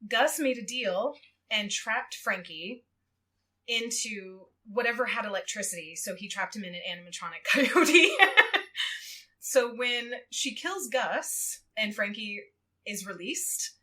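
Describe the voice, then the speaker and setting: A woman chatting casually on a podcast, retelling a story with lively acted quotes and frequent laughter. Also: mid-range voice, a little slow. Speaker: guest co-host. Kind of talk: casual podcast chat, recapping a book.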